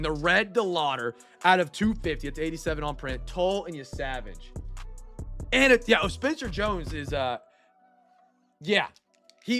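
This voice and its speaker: A high-pitched man with a bright, gravelly voice hosts a live card break. He is excitable and shouts over big pulls. He talks through a stuffed nose, with faint music behind him.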